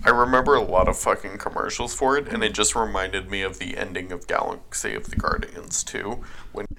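A man's voice: lowish voice, fairly even intonation, brisk, creaky, sharp tone, slight background noise, poor audio. A man co-hosting a casual podcast, dropping profane, sarcastic quips. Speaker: podcast co-host. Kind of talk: casual chat.

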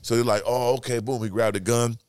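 Fast-talking animated male storyteller. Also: medium pitch, clean tone, dry recording, studio quality. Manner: animated, profane storytelling with sound effects. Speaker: podcast guest. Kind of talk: casual storytelling.

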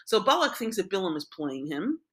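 A woman's voice: mid-range voice, big pitch swings, fairly quick, fairly bright tone. A woman giving an informal Torah lesson, retelling a biblical story conversationally and often checking in with "right?" and "like". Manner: conversational, frequent "right?" and "like" asides. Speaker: Torah teacher.

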